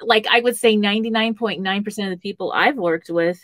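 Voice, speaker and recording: A woman hosts a radio talk show in an easy, conversational way, quick to affirm her guest and add her own stories. Her voice sits at a middle pitch for a woman. The recording is dry and close. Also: a bit bright, no room sound. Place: radio studio.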